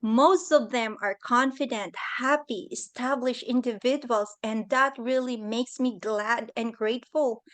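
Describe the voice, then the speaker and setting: Woman, high-pitched, slow-paced, earnest heartfelt storytelling, video call, summit guest speaker. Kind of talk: personal story talk.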